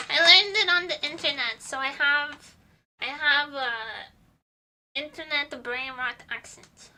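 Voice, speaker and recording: Squeaky, bright-voiced young woman streamer. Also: takes it slowly, pauses often, slight background noise. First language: Portuguese. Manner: giggly, rambling, playful. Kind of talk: casual livestream chat while baking.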